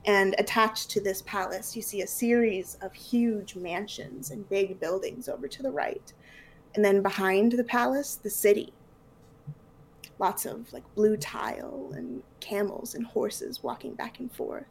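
A woman's voice: medium pitch, measured pace, gravelly, a little hiss or hum. A woman narrating as game master in a loose, casual way with many fillers.

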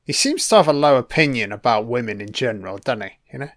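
A man's voice: mid-range voice, lively intonation, quick pace, fairly bright tone, dry recording, clean studio sound. A man giving a casual, rambling film commentary, swearing freely and chuckling between asides.

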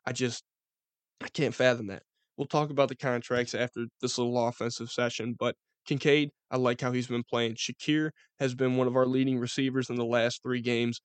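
A young man with a Western New York accent giving casual, profane sports commentary as a podcast host, rambling and excitable. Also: mid-range voice, normal speed, clean tone, no room sound.

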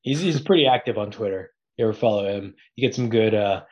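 A man who is a podcast guest, talking sports in a relaxed, joking way. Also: fairly low pitch, fast talker, dull audio. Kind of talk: casual sports chat.

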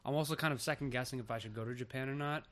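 Fast-talking, sheepish young man. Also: medium pitch, a bit bright. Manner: sheepish, mumbling short answers. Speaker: podcast co-host. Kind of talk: casual chat.

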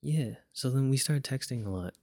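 A man's voice: medium pitch, lively intonation, normal speed, gravelly, darkish tone, dry recording, studio quality. A young man casually telling a personal story, rambling with lots of fillers and restarts and chuckling now and then.

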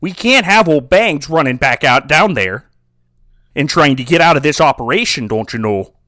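A man's voice: a little high, expressive, moderate pace, bright, forceful tone, no echo, clean studio sound. A man putting on an older Montreal mobster with a Canadian accent, stretching his vowels and tacking on "eh" and "don't you know.". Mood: threatening. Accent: put-on Canadian. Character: older male Montreal mobster, menacing, folksy.

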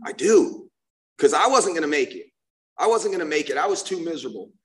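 A man's voice: fairly high pitch, lively intonation, fairly quick. A man sharing his personal recovery story at a meeting, earnest and emotional, often restarting his sentences and saying "man, you know what I mean.".

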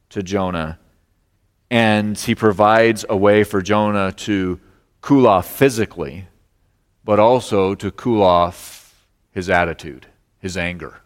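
A male pastor preaching a sermon, expressive, acting out the lines of the story. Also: fairly low pitch, long reverb tail. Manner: expressive preaching, acts out voices of God and Jonah.

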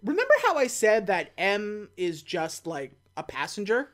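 A woman's voice: mid-range voice, sing-song, normal speed. Woman recapping a movie, casual. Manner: retells scenes by acting out characters' lines, swears casually. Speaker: podcast co-host recapping a film.

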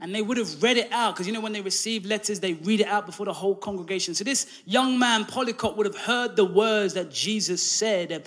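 High-voiced preacher, storytelling. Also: male voice, a little fast, hardly any pauses. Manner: storytelling, many fillers and restarts, rising to loud emphasis. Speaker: pastor. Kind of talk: sermon.

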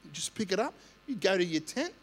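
A man with an Australian accent, a senior pastor telling stories in a lively, conversational sermon, often asking "right?". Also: high-pitched, fairly quick. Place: church. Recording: long church hall reverb.

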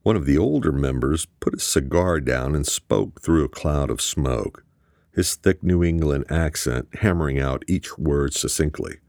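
A man with a strikingly deep, low voice narrating a novel at a measured, even pace. The recording is dry and close, with no room sound. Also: vocal fry, dry recording. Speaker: audiobook narrator. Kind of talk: scripted narration.

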